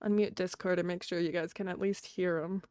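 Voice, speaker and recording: A woman's voice: lowish voice, steady tone, brisk, a little mellow, clear, resonant tone, dry recording, studio quality. A woman streaming live, chatting casually and scatteredly with her chat and laughing often.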